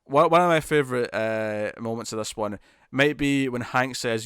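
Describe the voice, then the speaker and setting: Male co-host, casual TV chat, excitable retelling, mid pitch, dry close sound. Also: smooth, no echo. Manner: animated, laughing, quick retelling with acted quotes. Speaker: podcast co-host. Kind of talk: casual chat about TV episodes.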